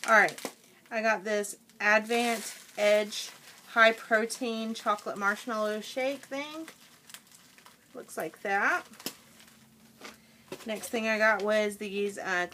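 A woman's voice: mid-range voice, fairly even intonation, measured pace, sharp tone, a little hiss or hum. A woman vlogger chatting casually through a product haul at home, talking while she eats.

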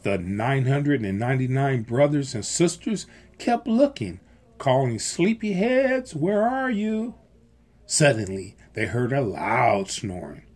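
Volunteer storybook reader, slow, expressive, breathy tone, lively pitch, children's read-aloud.

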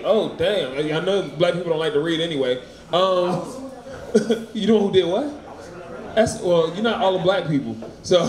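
A man doing a stand-up set with a high voice, loud and crude, often laughing at his own lines. His voice echoes through the room, and a crowd is clearly heard around him. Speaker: stand-up comic. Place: small open mic venue.

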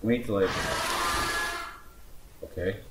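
A young man playing a horror game with a friend, excitable and cursing, yelling at jump scares. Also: lowish voice, slow, noisy background. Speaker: gamer host. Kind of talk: casual horror game commentary. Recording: echoey with game music.

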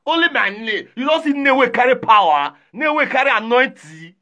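A man with a Nigerian Pidgin accent runs a livestream rant in a high, bright, forceful voice. He taunts his rivals, calls out names and greets viewers one after another. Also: animated, brisk. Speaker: livestream host.

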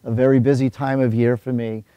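A man's voice: mid-range voice, flat delivery, brisk, clean tone, no room sound, muffled recording. Breathless man coaching a workout. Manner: giving instructions while exercising. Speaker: fitness trainer. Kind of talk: coaching a workout while talking.

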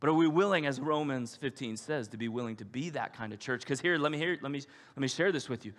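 A man preaching a sermon as a pastor, animated and acting out the voices of the people he quotes. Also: mid-range voice, quick pace, hardly any pauses. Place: church sanctuary. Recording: long hall reverb.

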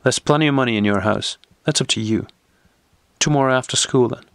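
A man's voice: medium pitch, fairly quick, no room sound, clean studio sound, lightly acted. A man voicing a scornful teenage bully. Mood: menacing. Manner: scornful, commanding, menacing. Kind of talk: audiobook reading.

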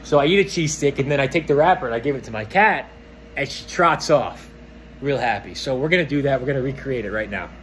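Casual male vlogger, mid-pitched, walks and talks at home; noisy phone audio. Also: expressive, fast, a bit bright. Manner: rambling, chatty, self-talking while walking around. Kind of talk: casual vlog chat. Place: at home, indoors. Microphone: phone held while walking.

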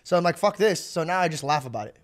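High, fast-talking earnest young man. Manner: earnest, advising, heartfelt. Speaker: podcast co-host. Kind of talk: casual chat.

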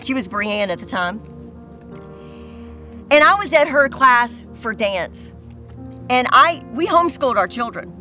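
A woman's voice: fairly high pitch, very animated, unhurried, pauses often, sharp tone, soft background music. A woman pastor preaching a sermon to mothers, earnest and repetitive as she tells stories.

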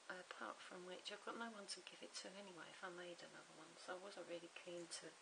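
Middle-aged woman chatting away doing a craft tutorial at home, lowish voice, faint hiss on the recording. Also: fairly even intonation, fast talker, creaky. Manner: chatty and rambling, muttering to herself as she works.

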